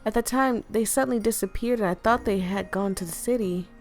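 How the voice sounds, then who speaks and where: Brief: woman as a young game heroine, earnest and quietly searching. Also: medium pitch, fairly quick, faint music behind, natural voice.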